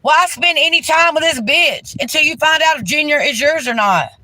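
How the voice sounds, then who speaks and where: A woman's voice: high-pitched, moderate pace, bright, forceful tone, no echo, poor audio. A woman ranting heatedly and profanely during a live stream, talking into a handheld phone from inside a car.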